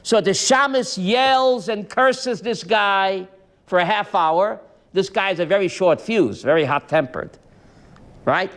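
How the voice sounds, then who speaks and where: A man, a rabbi, preaching a sermon built on stories and asking his listeners questions. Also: sits high. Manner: animated, asks the audience questions. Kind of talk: sermon with storytelling.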